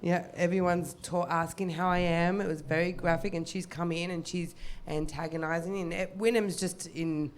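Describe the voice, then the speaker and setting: A woman's voice: fairly low pitch, fairly even intonation, moderate pace, few pauses, slight background noise. A woman chatting on a live comedy panel, gushing and laughing easily.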